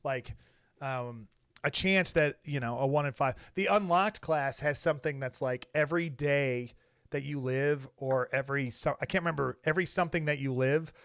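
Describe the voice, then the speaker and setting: A host and game designer wraps up a live stream, talking loosely with plenty of fillers. His voice is fairly high, bright, clear, and resonant, at normal speed, in clean studio sound with no room ambience.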